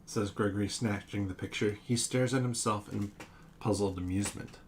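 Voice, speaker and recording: A man's voice: fairly low pitch, fairly even intonation, normal speed, a little hiss or hum. A man hosting a solo board game playthrough, musing aloud over rules and reading story text, with self-mocking asides. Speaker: board game player and host.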